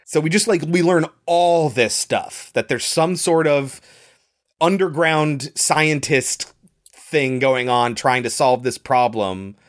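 A man's voice: a little high, slow. A man co-hosting a casual podcast, explaining a film's plot in a rambling way with many fillers. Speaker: podcast co-host. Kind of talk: casual movie-recap chat.

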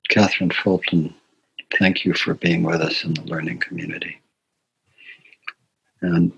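An older man hosts a community talk series and gives gentle, unhurried announcements. His voice sits very low and sounds husky, and he fills his pauses with "uh" and "um". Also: lo-fi sound. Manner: soft-spoken, unhurried, with many fillers.

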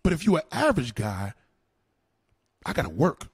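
A man tears into viewers' comments in a combative, profane livestream rant, repeating his retorts over and over. His voice is husky and sits a little high, and it swings up and down with a lot of life. The sound is close and dry. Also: huge pitch swings, normal speed, dry recording. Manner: combative, repetitive, heavy cursing and slang. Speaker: livestream host answering comments.

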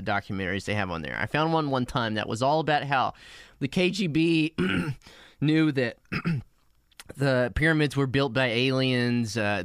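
A man's voice: mid-range voice, a bit bright, smooth, no echo, studio quality. A man co-hosting a podcast, rambling casually with hesitant fillers and frequent laughter. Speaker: podcast co-host.

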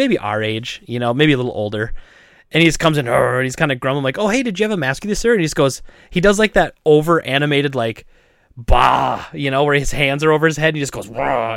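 Casting: man, slightly high voice, dry close sound, lively storyteller who laughs a lot. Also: no room sound. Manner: animated, laughing, acts out voices. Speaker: store owner and podcast co-host. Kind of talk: casual chat, telling a story.

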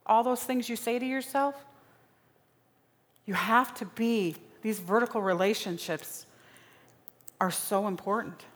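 A woman's voice: on the high side, a little slow, pauses often. A woman preaching a sermon in a dramatic style, repeating phrases for emphasis. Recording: long reverb of a large hall.

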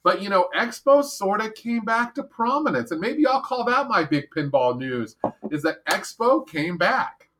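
Podcast host, male, bright and a bit high, blunt and swears freely. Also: animated, normal speed, slight background noise. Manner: blunt, profane, rambling opinions. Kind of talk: casual chat.

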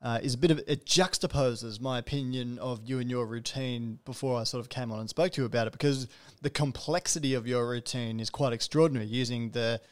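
A man's voice: medium pitch, fairly quick. Rambling man hosting a podcast. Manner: rambling, self-correcting, playful asides. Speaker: podcast host. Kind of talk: casual interview chat.

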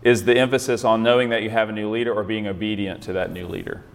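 A man's voice: fairly low pitch, flat delivery, quick pace, in a large hall. A man leading a group Bible study, talking conversationally, restarting phrases and often checking in with "right?". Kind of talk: teaching a group discussion.

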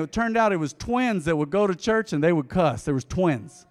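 Middle-aged male pastor, folksy sermon delivery with acted-out quotes, high voice, reverberant church hall. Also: sing-song, brisk, hardly any pauses. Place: church sanctuary.

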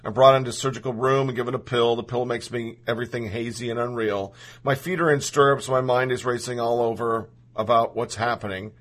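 A man's voice: mid-range voice, fairly even intonation, a little fast, hardly any pauses, fairly bright tone. Earnest man reading a personal story.

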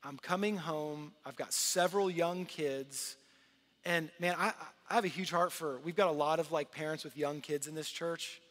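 Earnest pastor in an echoing hall. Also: male voice, fairly high pitch, normal speed. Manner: conversational, earnest, swings from loud to hushed. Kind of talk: sermon. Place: large church hall. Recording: long hall reverb.

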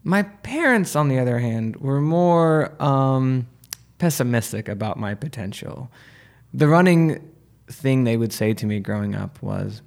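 A man's voice: medium pitch, expressive, measured pace, gravelly, a little mellow. A man tells a personal story for a live audience. His delivery is dry and wry, and he lets the jokes land without pushing them.

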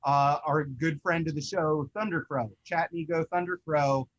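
A young man co-hosting a toy collecting show, chatting in an excitable, rambling way. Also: fairly high pitch, moderate pace, dull audio. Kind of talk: casual chat.

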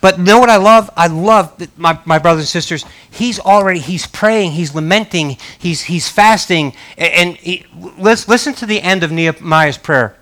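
Male pastor, animated conversational preaching that swells into loud emphatic bursts; voice sits a little high. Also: moderate pace, hardly any pauses. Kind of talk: sermon.

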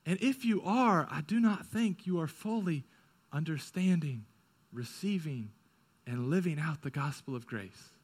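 A male pastor preaching a sermon, moving from quick, urgent stretches to hushed, slow ones. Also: a little high, lively intonation, husky.

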